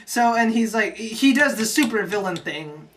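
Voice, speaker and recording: An irreverent comic storyteller recaps a film in a loose, chatty way, swearing freely and tossing in jokey asides. The voice sits at a plain middle pitch. A faint hiss and occasional clicks sit under the recording. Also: lively intonation, moderate pace, recorded from a distance, poor audio. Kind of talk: casual comedic film recap.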